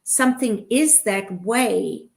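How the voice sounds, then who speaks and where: A woman's voice: mid-range voice, expressive, takes it slowly, gravelly. A woman hosting a casual video-call chat, speaking in an affirming, encouraging way. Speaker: host.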